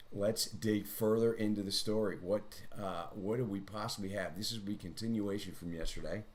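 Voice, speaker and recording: A man with a somewhat low voice hosts a live trading stream. He walks through his charts in casual, rambling commentary and mocks himself now and then in chatty asides.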